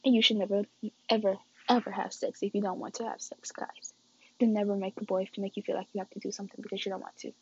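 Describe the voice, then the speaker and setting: A woman's voice: medium pitch, flat delivery, quick pace, darkish tone, dull audio, slight background noise. A young woman casually telling a story to her viewers, chatty and slangy, acting out quoted dialogue dramatically. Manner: slangy and chatty, addresses the audience as guys and y'all.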